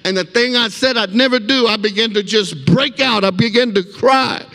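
A man with a notably high-pitched voice preaches as a guest speaker, sharing his testimony as a vivid, emphatic story. He urges the congregation to answer him with amens. His voice rings through a church hall with a long, echoing reverb. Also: normal speed, pushed and bright. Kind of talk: sermon with personal testimony. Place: church sanctuary.

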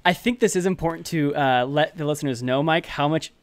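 A man co-hosting a podcast in casual chat, laid-back and pausing often with fillers. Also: fairly high pitch, smooth, no echo. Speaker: podcast co-host.

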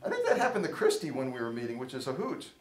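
A man's voice: medium pitch, huge pitch swings, racing. A middle-aged man hosting a fundraiser livestream, chatty and folksy, rambling through trivia in a casual way. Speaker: fundraiser host.

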